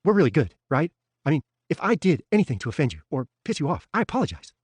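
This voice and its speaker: A man's voice: fairly high pitch, very animated, quick pace, breathy edge, dry recording, voice pushed up. A man voicing a nervous, overeager middle-aged hustler in debt, reading an audiobook with a pushy, ingratiating manner. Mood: pleading. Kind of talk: audiobook character voice.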